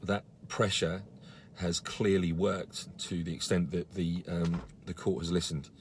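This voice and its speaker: A man's voice: sits low, flat delivery, a little slow, darkish tone, a little hiss or hum. A man giving a casual live-stream update to followers, earnest and indignant, with many fillers and restarts. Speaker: campaigner on a live video.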